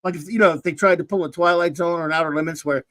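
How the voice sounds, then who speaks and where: Rambling high-voiced male podcast host. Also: fairly even intonation, very fast, fairly bright tone, no room sound, rough recording. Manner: rambling, jokey, trips over his own words. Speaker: podcast host reviewing TV episodes. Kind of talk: casual podcast chat.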